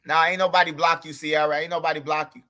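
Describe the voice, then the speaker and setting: A man's voice: a little high, flat delivery, fast talker, bright, forceful tone. A man hosting a livestream, telling a story and talking straight to his chat in a loose, profane way. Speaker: livestream host. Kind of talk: casual livestream commentary.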